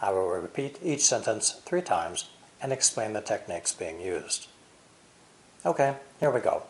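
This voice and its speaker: An American man teaching English pronunciation, explaining clearly with deliberate, exaggerated stress. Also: fairly low pitch, big pitch swings. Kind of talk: language lesson explanation.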